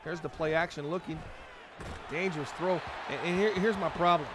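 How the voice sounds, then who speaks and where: Fairly even in intonation and moderate in pace, this man's somewhat high voice narrates his football franchise mode on a live stream, reacting to plays as a fan of his team. Game music and sounds play behind him in a noisy background.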